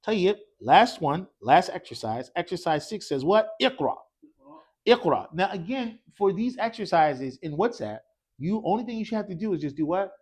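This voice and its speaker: A man's voice: high voice, big pitch swings, moderate pace, breathy edge. A man teaching an Arabic class in a mosque classroom, leading call-and-response drills and quizzing students with casual, encouraging prompts.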